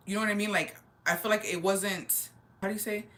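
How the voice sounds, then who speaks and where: A woman in her twenties chatting casually on a livestream, slangy and animated, dropping Spanish words into her storytelling. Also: medium pitch, fast talker. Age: 20s. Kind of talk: casual chat.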